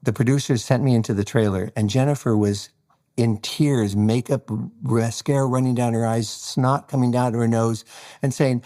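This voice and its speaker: A man's voice: mid-range voice, normal speed. A man, a hairstylist guest on an interview podcast, telling stories and acting out the voices of the people in them. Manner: animated storyteller acting out quoted voices. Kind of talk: storytelling interview.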